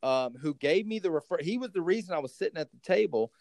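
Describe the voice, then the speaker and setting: A man from Texas hosting a casual recovery podcast from home over a call, telling stories in an animated way with many restarts. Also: on the high side, quick pace, no echo. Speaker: podcast host.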